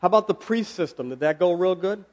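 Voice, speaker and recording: A man preaching a casual, conversational sermon, asking his listeners questions and slowing down for emphasis. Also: high voice, lively intonation, darkish tone. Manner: conversational, asks the audience questions, slows for emphasis.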